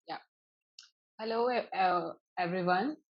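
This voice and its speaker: Woman panelist, slow and deliberate, occasional stutters, muffled video-call sound. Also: on the low side. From India. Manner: slow, with fillers and brief stutters. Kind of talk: self-introduction on a panel. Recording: dull lo-fi call audio.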